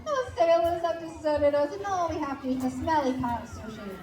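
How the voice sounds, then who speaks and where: A woman's voice: high voice, animated, a little fast, darkish tone, reverberant, far from the mic, a faint crowd, voice pushed down. A woman doing fretful fussy ladies. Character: fretful stranded ladies, dithering and dramatic.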